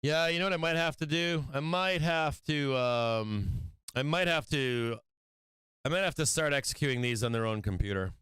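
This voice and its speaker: A man's voice: fairly high pitch, expressive, normal speed, a bit bright, smooth, no echo. A man hosting a stock trading live stream, talking casually, swearing and venting frustration about his trades.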